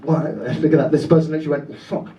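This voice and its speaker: A man from Britain doing stand-up crowd work, swearing and laughing as he fires off quick, self-interrupting banter. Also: a little high, flat delivery, very noisy. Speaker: stand-up comedian. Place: comedy club stage before a laughing audience. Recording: roomy club sound from a distance, dull.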